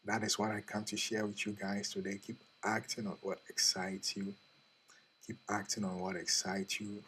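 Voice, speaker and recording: A man's voice: on the low side, monotone, moderate pace, sharp tone, a little hiss or hum, low-quality recording. A man hosting an earnest motivational talk, repeating questions to the listener and speaking directly to them. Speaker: host.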